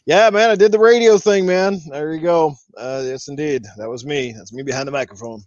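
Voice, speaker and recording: A man's voice: fairly high pitch, a little fast, darkish tone, no room sound, dull audio. A man hosting a gaming podcast in a slightly raised voice. He talks loosely, swears often and laughs easily, and the sound is dry and close. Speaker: podcast host. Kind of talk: casual podcast chat.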